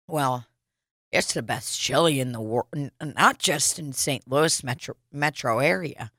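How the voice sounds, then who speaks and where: A woman voicing a boastful older male bar regular, with a smug, slow drawl. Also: medium pitch, sharp tone, no room sound, studio quality, voice pushed down.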